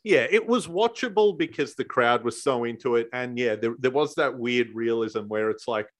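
A man co-hosting a wrestling podcast, chatty and quick to laugh while recapping. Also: mid-range voice. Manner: chatty, laughs often, acts out quotes. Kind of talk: casual review chat.

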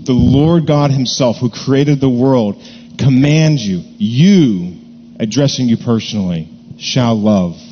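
A man preaching a sermon, earnest and deliberate, repeating key words to stress them. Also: medium pitch, big-room sound, highs cut off, a little hiss or hum. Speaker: pastor.

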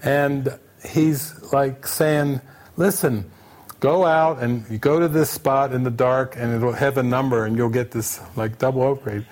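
Man telling a lively anecdote. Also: medium pitch, a little slow. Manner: animated, repetitive storytelling, breaking into laughter. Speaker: retreat speaker. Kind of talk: storytelling anecdote at an online retreat.

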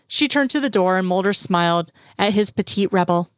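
A woman reading a story aloud with even, measured narration. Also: medium pitch, dry recording.

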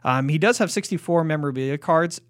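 A man's voice: a little high, fast talker, no room sound, studio quality. A man hosting a sports card podcast, talking steadily and informatively with many short affirmations. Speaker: podcast host. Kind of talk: casual chat and card price rundown.

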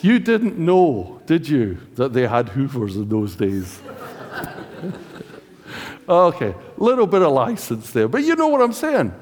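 A man's voice: medium pitch, huge pitch swings, unhurried, a little mellow. A man with a British accent preaching a sermon in a chatty, joking way, often asking the congregation questions. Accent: British English. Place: church hall. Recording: church hall reverb.

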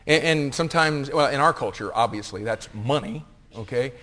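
A man preaching a sermon as pastor, swinging from hushed asides to loud, impassioned reading. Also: mid-range voice, normal speed. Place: church sanctuary. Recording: long reverb of a large hall.

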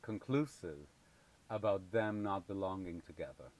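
A man with a somewhat low voice talks through a film in relaxed conversation. He hesitates often, filling gaps with ums and restarting his sentences. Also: unhurried, no echo. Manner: hesitant, many fillers and restarts. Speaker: film reviewer. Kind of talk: casual film discussion.

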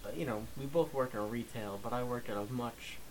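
A man's voice: medium pitch, fairly quick. A man co-hosting a podcast, telling stories in casual chat, laughing often, with lots of fillers and restarts. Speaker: podcast co-host. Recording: faint background noise, homemade podcast.

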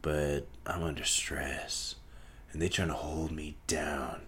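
Man, young adult, solo podcast host, rambling, swearing, talks in circles, bright tense tone. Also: rumbling low, steady tone, takes it slowly, slight background noise. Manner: rambling, profane, talks in circles with sudden loud shouts. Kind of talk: casual solo podcast monologue.

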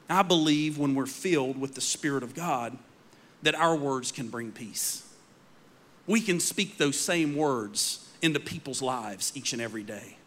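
A man preaching a sermon, telling stories dramatically and dropping to quiet emphasis. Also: fairly high pitch, a little slow.

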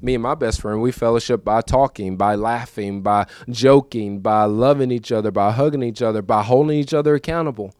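A man in his thirties gives a testimony sermon in a church, speaking at an ordinary mid pitch. He talks casually and repeats himself, then swells into emphatic, preacherly lines. The close recording is dry, with little room sound. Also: a little fast, few pauses, smooth, no room sound. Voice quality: conversational, emotional, repeats himself. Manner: swings from quiet recollection to raised emphatic preaching.

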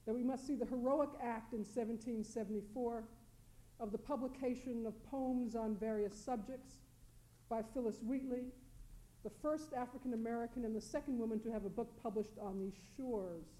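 Measured woman reading a prepared academic talk. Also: fairly high pitch, mellow, low-quality recording. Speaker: panelist. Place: lecture hall panel.

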